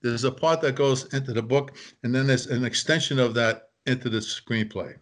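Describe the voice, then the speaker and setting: Older male guest, animated storyteller, plain mid-pitched voice. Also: normal speed. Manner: animated anecdote telling, acting out family quotes. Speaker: guest author. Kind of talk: casual storytelling.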